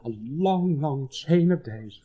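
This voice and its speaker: A man's voice: fairly high pitch, expressive, slow pace, dull audio. An actor playing an ardent, lovestruck young baron in his late twenties who speaks tenderly, in a 1960s recorded stage drama. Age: 20s.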